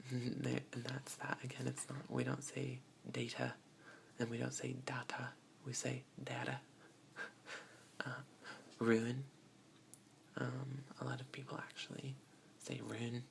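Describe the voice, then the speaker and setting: An ASMR creator, speaking in a soft whisper with small laughs. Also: medium pitch, creaky, a little hiss or hum.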